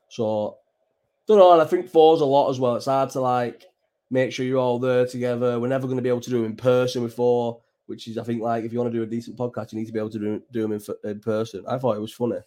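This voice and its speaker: A man's voice: medium pitch, a little mellow. A young man from England hosting a late-night livestream, chatting in a loose, sweary, rambling way with many restarts. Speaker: livestream host. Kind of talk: casual chat.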